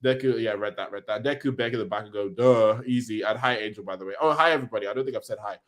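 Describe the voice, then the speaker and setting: A man hosting a casual manga reaction, reading panels aloud in an excitable, slangy way. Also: lowish voice, very fast.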